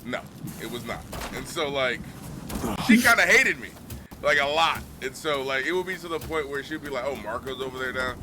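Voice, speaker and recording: A man who streams games and does stand-up, telling stories in a laid-back, slangy way with lively retellings. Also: mid-range voice, moderate pace, noisy background. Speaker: Twitch streamer and stand-up comedian. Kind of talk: casual storytelling on a game stream. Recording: game music playing underneath. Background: video game music.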